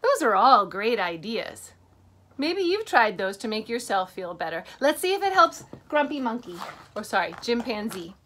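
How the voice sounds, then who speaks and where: A woman teacher reading a picture book to children in an animated way, stopping to ask them questions. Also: a little high, normal speed.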